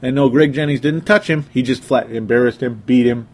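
A man's voice: medium pitch, brisk, a little mellow. A young man hosting a casual sports talk show, reading listener comments aloud and joking around. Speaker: sports podcast host.

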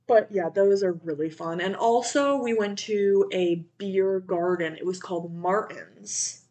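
A young woman co-hosting a casual podcast chat. Her voice sits at a middle pitch, and she tells stories with animated energy, laughs often and swears freely. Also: a little slow. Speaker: podcast co-host.

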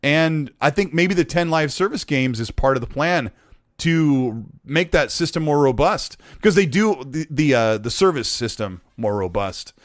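A man in his forties co-hosting a casual gaming chat, animated and joking with rambling asides. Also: a little high, normal speed, no echo, clean studio sound. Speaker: podcast co-host.

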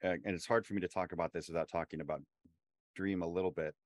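A man's voice: low voice, fast, dry recording. A man co-hosting a casual TV discussion podcast, building his points with frequent restarts. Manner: animated, restarts often while building a point. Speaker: podcast co-host.

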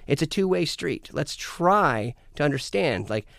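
A man chatting casually as a podcast guest, animated and jokey, cursing freely and getting loud when he plays up a bit. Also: fairly high pitch, a little slow, vocal fry, no echo, clean studio sound. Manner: animated, profane, jokey, swings loud for bits. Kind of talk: casual chat.

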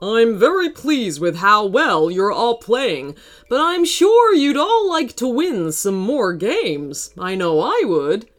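Cheery male coach for a kids' storybook, loud and rallying, lively lilt, as a woman reads him. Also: fairly high pitch, slow pace. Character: male soccer coach addressing his team.

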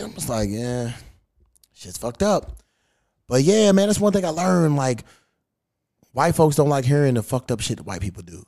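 A man's voice: medium pitch, sing-song, normal speed, pauses often, a little mellow, dry recording, studio quality. A man hosting a podcast in casual chat, talking bluntly and profanely. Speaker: podcast host.

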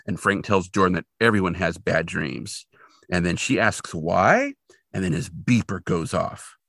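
A man's voice: deep voice, lively intonation, unhurried, vocal fry, fairly bright tone, no echo, studio quality. A man co-hosting a podcast, retelling a TV episode in casual, rambling chat with lots of fillers. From Portland, Oregon resident since 2003. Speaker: podcast co-host.

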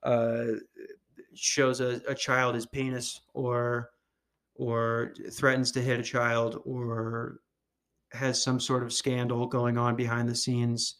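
Man, young adult, podcast host, dry deadpan delivery, dark comic rant. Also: medium pitch, slow pace. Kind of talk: dark comedy podcast monologue.

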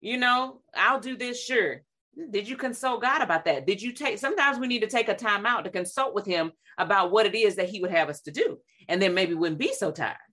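A woman, sharing devotional reflections and quoting scripture in a lively, conversational preaching way. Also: mid-range voice, fast talker, few pauses. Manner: animated, quotes scripture, acts out voices. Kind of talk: faith talk, conversational preaching.

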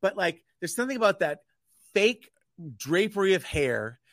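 A man talks in a candid, opinionated way, chatting as a radio guest. His voice sits a little high and the sound is dry and close. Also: big pitch swings, normal speed, fairly bright tone, dry recording. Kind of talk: casual chat. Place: radio studio.

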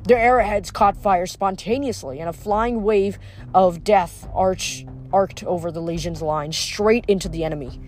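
A reader narrating a novel aloud at a steady, even pace, with small slips corrected on the fly. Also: medium pitch, normal speed, faint music behind. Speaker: audiobook reader.

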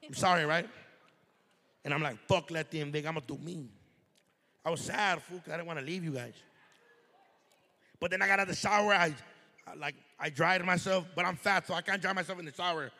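Man, live podcast co-host, rowdy, swearing, Spanish slang, gravelly, live venue reverb. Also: on the high side, brisk, pauses often, sharp tone. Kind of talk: live podcast banter on stage.

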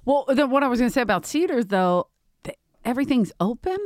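A woman's voice: fairly high pitch, lively intonation, fast, no echo, studio quality. A woman hosting a casual comedy podcast, firing off blunt jokes and stories with laughter. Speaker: podcast host.

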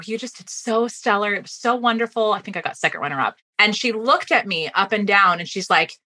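A woman guest on a podcast interview, a fast-talking, animated storyteller giving advice. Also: on the low side, no room sound. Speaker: guest speaking coach.

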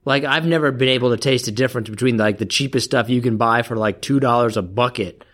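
A man's voice: medium pitch, quick pace, a bit bright. A man co-hosting a casual chat show, blunt and opinionated, teasing his partner. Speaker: podcast co-host.

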